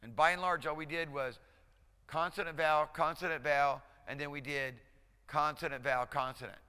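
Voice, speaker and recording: Male instructor, slightly higher voice, smooth, patient syllable-by-syllable drilling. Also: steady tone, sharp tone. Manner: drills pronunciation slowly, syllable by syllable; encouraging, conversational teacher. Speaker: Hebrew instructor. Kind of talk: classroom lecture. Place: lecture hall. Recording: lecture hall reverb.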